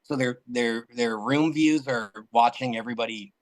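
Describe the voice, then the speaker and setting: A man's voice: mid-range voice, normal speed, crowd noise, rough recording. A man guest on a podcast, telling a long anecdote in casual chat, full of fillers and restarts.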